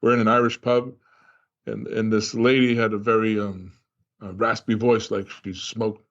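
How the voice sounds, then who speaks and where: A man's voice: on the low side, little pitch movement, moderate pace, a bit bright, lo-fi sound. A man with a Boston accent, co-hosting a technical podcast in a chatty, storytelling way. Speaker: podcast co-host, trainer. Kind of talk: casual podcast chat.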